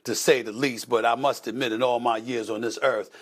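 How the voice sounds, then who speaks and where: A man hosting sports TV banter, halting and repetitive, with a playful tone. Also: medium pitch, fairly even intonation. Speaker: sports TV host.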